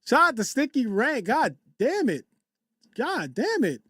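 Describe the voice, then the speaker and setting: High-voiced man hosting a loose livestream. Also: wildly swooping pitch, unhurried, husky, no echo, clean studio sound. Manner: loose slangy banter, repeats phrases, frequent shout-outs. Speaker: livestream host. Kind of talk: casual livestream commentary, reading chat aloud. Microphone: desktop USB condenser mic.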